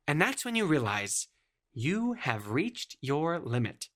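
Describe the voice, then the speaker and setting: A sarcastic storyteller narrates a scripted comic story with exaggerated emphasis. The voice is bright and sharp, and its pitch swings up and down in a lively way. Each punchline gets a dry twist. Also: slow.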